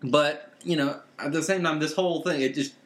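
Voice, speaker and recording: A man's voice: on the high side, fairly even intonation, moderate pace, a bit bright. Male podcast co-host, casual rambler, roomy echo on the voice. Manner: rambling, trails off and restarts often. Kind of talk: casual chat. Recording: echoey room.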